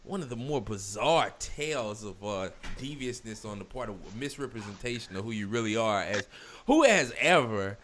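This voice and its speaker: Blunt man with a lively voice. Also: on the low side, normal speed, slight background noise. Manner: blunt, crude, throws out questions. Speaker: podcast host. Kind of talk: casual podcast chat.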